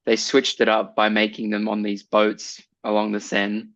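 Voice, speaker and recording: A man's voice: fairly low pitch, monotone, normal speed, fairly bright tone, no room sound, dull audio. A man co-hosting a podcast in casual chat, laughing often and trailing off with "I don't know". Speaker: podcast co-host.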